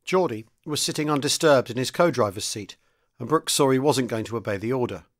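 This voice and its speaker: A man's voice: mid-range voice, a little fast. A man, a podcast host, reading a chapter of a wartime novel aloud, with light voices for the characters. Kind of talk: audiobook-style reading.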